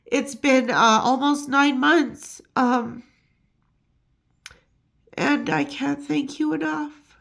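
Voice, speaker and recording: A woman's voice: sits high, steady tone, drawn-out words, gravelly, long pauses, fairly bright tone. A woman hosting a gossip channel in casual chat, emotional and laughing often, with many fillers. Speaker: YouTube gossip host. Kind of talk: casual chat and rhyming poem reading.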